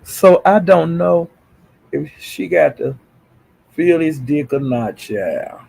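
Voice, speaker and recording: Man, gravelly, husky, high-ish voice, exasperated gossip chatter, livestream host. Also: expressive, slow, darkish tone, poor audio. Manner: exasperated, dramatic, sighs and exclamations.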